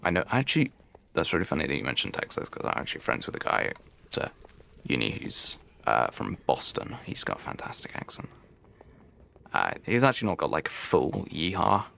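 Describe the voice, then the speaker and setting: Gravelly low-voiced Midlands English young man. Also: sing-song, normal speed, bright, forceful tone, a little hiss or hum. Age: young adult. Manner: chatty, rambling, answers chat while building. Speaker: streamer. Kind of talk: casual gaming livestream chat.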